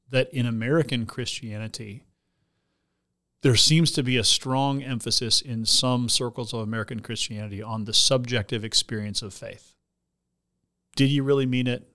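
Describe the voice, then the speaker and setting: A man's voice: mid-range voice, fairly bright tone. A man, a pastor and podcast host, reading a listener letter and then explaining at length, with frequent restarts.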